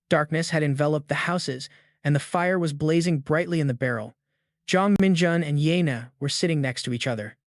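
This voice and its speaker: Dry, fairly high male recap narrator. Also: brisk, dry recording. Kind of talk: scripted story narration.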